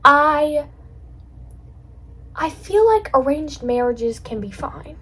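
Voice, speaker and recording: A woman's voice: high voice, expressive, takes it slowly, a bit bright, rough recording. A young adult woman hosting a casual solo chat, rambling in a bubbly way with lots of fillers. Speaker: podcast host.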